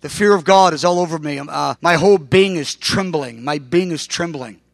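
A middle-aged man preaching a sermon to a room, fervent and storytelling, swelling to loud emphatic peaks. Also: on the high side, moderate pace, vocal fry, dry recording, studio quality. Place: room with an audience.

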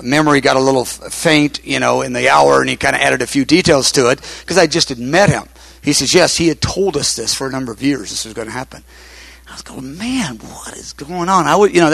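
An older man preaches by telling a long personal story, loose and conversational. He circles back, repeats phrases and fills pauses with "uh". His voice sits in a middle pitch and sounds dry and close, with little room around it. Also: gravelly, fairly bright tone, no room sound. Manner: conversational, repeats himself, many fillers. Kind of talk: sermon storytelling.

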